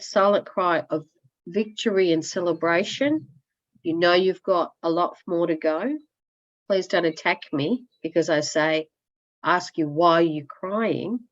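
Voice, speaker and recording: A fairly low-voiced woman shares her progress on a casual group coaching call, loud, candid and animated, with blunt asides. Her voice comes through muffled and lo-fi, as over a web call. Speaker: coaching client sharing progress.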